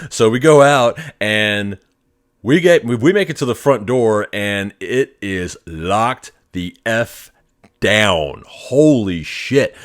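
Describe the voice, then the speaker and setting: A podcast host recounts a wild night out in a relaxed, profane storytelling manner. His voice sits low but swings widely in pitch as he acts out the moments, with a chuckle never far away. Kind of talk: casual anecdotal storytelling.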